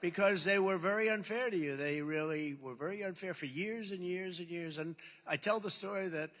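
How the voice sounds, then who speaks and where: A man's voice: high voice, fairly quick, fairly bright tone. A man giving a rambling, boastful off-the-cuff speech at a rally, repeating himself for emphasis, into a podium microphone in a large indoor hall. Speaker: political speaker at a rally. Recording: long hall reverb, amplified.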